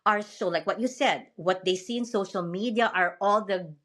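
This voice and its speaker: A woman from the Philippines with a Filipino accent, hosting a podcast interview in a frank, animated way with lots of fillers. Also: mid-range voice, moderate pace. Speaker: podcast host. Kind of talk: casual interview chat.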